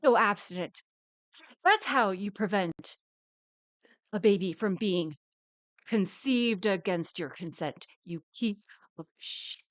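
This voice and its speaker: A woman's voice: medium pitch, expressive, slow pace, pauses often, no echo. Angry ranting woman streamer, dry sound. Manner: angry, ranting, swearing, with bursts of laughter. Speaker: live reaction streamer. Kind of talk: live reaction commentary.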